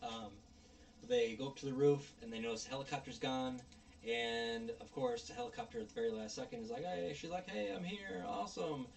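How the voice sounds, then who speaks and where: Rambling gravelly man recapping a movie. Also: high-pitched, big pitch swings, a little fast, a little hiss or hum. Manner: rambling, frequent fillers, mock-shouting at characters. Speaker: movie reviewer.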